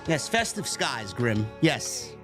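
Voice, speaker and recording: A man's voice: mid-range voice, very animated, slow, over music. A man from New York hosting a live post-show stream, griping and swearing his way through a casual rant. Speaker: livestream host.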